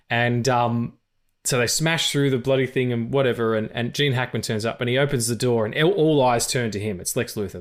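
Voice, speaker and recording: A man hosts a laid-back movie podcast, speaking at an ordinary pitch. He talks with enthusiasm and profanity, and he keeps slipping into quick impressions of film lines. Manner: enthusiastic, swears freely, acts out movie lines. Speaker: podcast host. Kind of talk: casual film chat.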